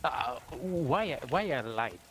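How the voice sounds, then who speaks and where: A man's voice: medium pitch, animated, slow pace, fairly bright tone. A man playing along in an in-game role-play, flustered and stammering as he denies things. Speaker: fellow player.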